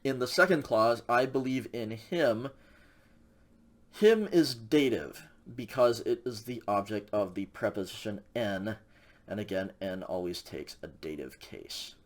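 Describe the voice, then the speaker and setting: A man's voice: lowish voice, animated, measured pace. Casual man teaching a Greek lesson. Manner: casual, many fillers and checks like "okay?". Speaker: Greek instructor. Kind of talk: recorded lecture.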